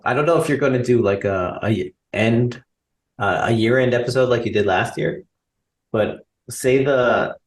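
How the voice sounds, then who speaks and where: A man chatting casually on a podcast, playful and rambling, often tripping over his words. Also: medium pitch. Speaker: podcast guest. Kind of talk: casual chat.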